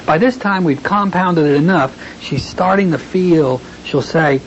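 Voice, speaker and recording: A man explains hypnosis technique to trainees in an easygoing, folksy lecture, easing into a slow, soothing delivery when he acts out his suggestions. The recording is dull and lo-fi, with a faint hiss under the voice. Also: fairly high pitch, animated. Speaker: hypnotherapy instructor.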